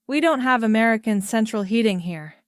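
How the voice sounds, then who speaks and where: A woman voicing a polite young royal prince in storybook dialogue, in a courteous, gently amused manner. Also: fairly high pitch, expressive, a little fast, no room sound, clean studio sound, natural voice.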